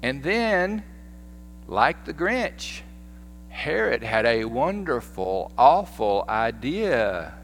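A Southern American pastor preaching in a folksy, animated storytelling way, his voice at a man's middle pitch. The sermon rings through a church sanctuary with a long echo, and a faint hum sits underneath. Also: drawn-out words.

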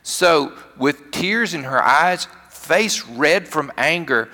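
Southern US male pastor, emphatic storyteller, bright tone, long church reverb. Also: on the high side, animated, takes it slowly. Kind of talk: sermon.

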